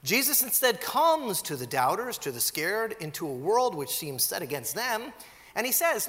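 A male pastor preaching a sermon, telling stories and acting out quoted lines with lively energy. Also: high voice, normal speed. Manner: animated storytelling, acts out quotes. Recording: long hall reverb.

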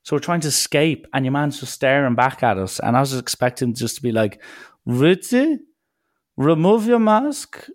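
A man's voice: a little fast, few pauses. A young adult man with an Irish accent telling rambling, jokey stories in a casual monologue, often interrupting himself. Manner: animated, swings pitch for acted quotes.

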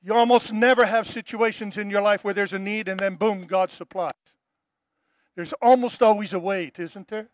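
A male pastor preaching a sermon in an emphatic style. He repeats his key phrases and drops to a soft, low tone to stress them. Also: steady tone, moderate pace, no echo.

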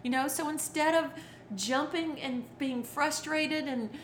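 A woman's voice: high-pitched, unhurried, a little hiss or hum. A middle-aged woman, a children's entertainer and author, telling stories expressively in conversation and acting out quotes. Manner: expressive, acts out quotes, laughs often. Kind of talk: animated storytelling in conversation.

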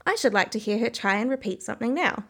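A woman's voice: on the high side, lively intonation, fast talker. Woman reading as the fussy, persistent Mock Turtle. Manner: questioning, insistent. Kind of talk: storybook reading.

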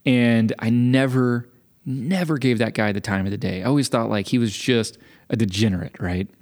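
A podcast co-host in early middle age, a young adult, speaks at medium pitch and a moderate pace. In casual chat he tells self-deprecating stories and does animated impressions of the people in them.

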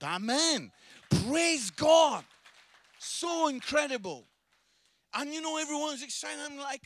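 A man preaching a lively sermon, telling a story with humour and acting out the people in it. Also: extremely high pitch, no echo. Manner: animated, humorous, acts out dialogue.

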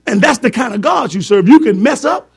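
A man's voice: very high-pitched, expressive, fairly quick, gravelly, husky. A man preaching a fervent sermon, repeating words for emphasis and joking with his congregation.

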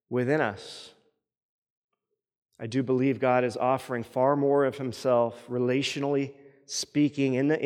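A pastor delivers a sermon from the pulpit in an earnest, steady, mid-pitched voice, often repeating a word or phrase as he builds his point. The church sanctuary's long reverb rings around him.

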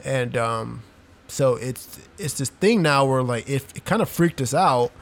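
A man's voice: medium pitch, lively intonation, unhurried. A young man chatting casually on a podcast, telling a long story full of "like" and "dude". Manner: rambling storyteller, heavy use of "like" and "dude". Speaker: podcast co-host. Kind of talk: casual chat.

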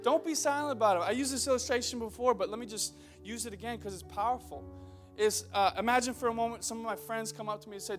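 A young male pastor in his twenties gives a lively, loud sermon, cracking jokes and calling out to the congregation. His voice sits high. A faint guitar plays behind him in the church. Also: quick pace. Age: 20s. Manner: loud, joking, calls out to the crowd. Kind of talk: energetic sermon. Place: church hall.

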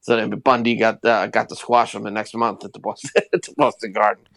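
A man co-hosting a podcast in casual chat, chatty and reminiscing with quick asides. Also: fairly low pitch, flat delivery, creaky, fairly bright tone. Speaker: podcast co-host.

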